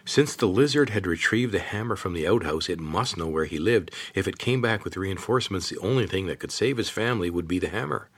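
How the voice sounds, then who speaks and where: Audiobook narrator: man, deep, husky, steady storytelling pace. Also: fairly quick, few pauses.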